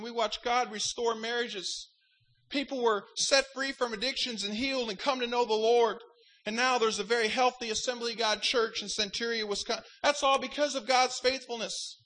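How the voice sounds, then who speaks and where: A man's voice: very high-pitched, bright, forceful tone, low-quality recording. A man pastor preaching a sermon, fervent in delivery and breaking into wry joking asides.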